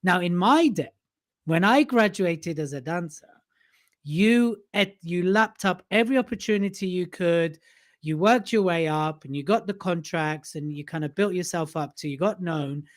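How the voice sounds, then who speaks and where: A man's voice: high voice, moderate pace. A man hosting a podcast, asking long, reflective questions in a casual chat. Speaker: podcast host.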